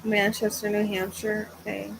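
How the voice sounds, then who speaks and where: A woman's voice: medium pitch, completely flat delivery, normal speed, gravelly, noisy background. A woman hosting a live psychic reading, thinking aloud in a hesitant, searching way and sounding tired. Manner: hesitant, searching, trailing off into self-corrections. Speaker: psychic medium host.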